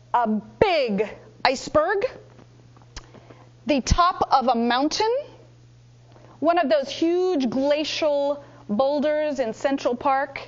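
A high-pitched woman runs a lively speaking workshop, calling out instructions and acting out exercises for the group. Her voice comes through a slightly dull, lo-fi recording of the room. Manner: energetic, coaching, demonstrates with exaggerated voices.

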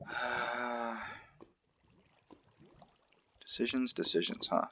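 Male let's-play host, lowish voice, chatty and self-joking, dull lo-fi desk mic sound. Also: animated, measured pace, pauses often, a little hiss or hum. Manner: chatty, joking asides to himself. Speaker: gaming channel host. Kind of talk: casual let's-play commentary.

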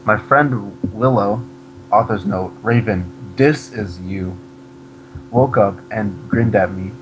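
Deadpan lower-voiced man reading aloud. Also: slow, a little hiss or hum, low-quality recording. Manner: deadpan reading, breaks off to mock the text. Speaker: reader of a fan fiction. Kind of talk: comedic dramatic reading.

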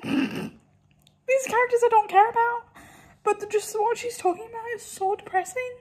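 A woman's voice: very high voice, normal speed, long pauses, darkish tone. A woman vlogger chatting casually to camera, ranting in a blunt, exasperated way. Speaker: book vlogger. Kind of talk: casual vlog chat.

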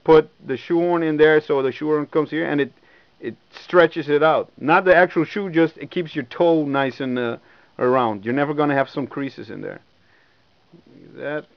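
A young man reviewing sneakers in a casual, excited vlog, swearing often and repeating himself, recorded at home. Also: a little high, moderate pace, no echo, dull audio. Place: indoors at home.

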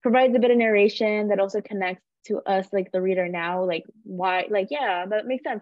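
A woman's voice: medium pitch, normal speed, few pauses, no echo. A young woman student talks through her point hesitantly, with many ums and likes. The sound is dull and lo-fi, and it is very dry. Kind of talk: class discussion.

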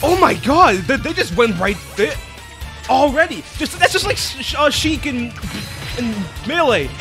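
A man with a very high voice narrates his own live reaction, swinging from hushed disbelief to loud shouting. His pitch jumps around constantly as he gets carried away. Trailer music plays clearly behind him. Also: moderate pace. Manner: excitable, gasping and shouting in disbelief. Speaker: reaction video host. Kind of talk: excited live reaction commentary. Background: trailer music playing.

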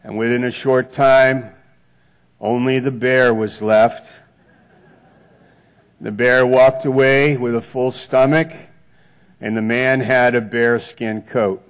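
Slow-preaching male pastor. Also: medium pitch, flat delivery, smooth. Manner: slow, deliberate preaching with repeated phrases. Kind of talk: sermon. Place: church sanctuary.

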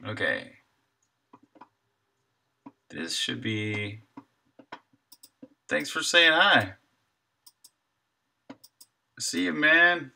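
A man's voice: medium pitch, big pitch swings, very slow, gravelly, pauses often, sharp tone. A man who makes games alone, thinking aloud in half-finished sentences while he codes on a live stream and perks up to greet chat. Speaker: solo game developer streaming.

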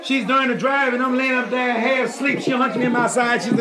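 A man's voice: extremely high pitch, steady tone, fast talker, few pauses. A man doing raunchy live stand-up, trading punchlines before a crowd. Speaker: stand-up comedian. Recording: live club recording with crowd.

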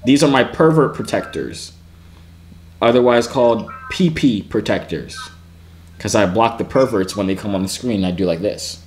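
A man in his twenties filming a YouTube video, teasing strangers on a video chat with deadpan questions. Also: lowish voice, normal speed, slight background noise. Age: 20s.

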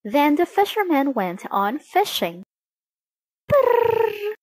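Woman storybook narrator, very slow and expressive, a bit breathy, dry close recording. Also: medium pitch, dry recording, rough recording. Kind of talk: children's story reading.

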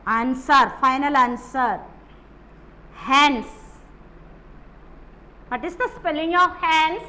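A woman teaching a maths lesson. She drills the class slowly, repeating questions and answers in phrasing, and coughs now and then. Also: sits high, lively intonation, sharp tone, slight background noise. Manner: slow, repetitive drilling with call-and-response questions; non-native English phrasing. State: coughing at times.

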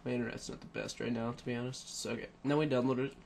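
A man's voice: mid-range voice, fairly even intonation, racing, creaky, darkish tone, slight background noise. A man casually talking through a computer tutorial on a headset, rambling with many fillers and self-corrections. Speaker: tutorial narrator. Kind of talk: casual screen-recorded tutorial.

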